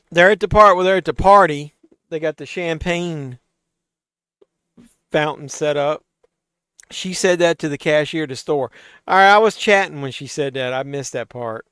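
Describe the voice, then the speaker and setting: A man with a fairly high, smooth voice hosts a live stream from a home desk mic, answering chat as he goes. He is tipsy and swears freely. The sound is dry and close. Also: no echo. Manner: loose and profane, tipsy, reacting to chat. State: tipsy from drinking. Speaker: host of a live watch-along stream. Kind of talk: casual live-stream chat, reading chat aloud.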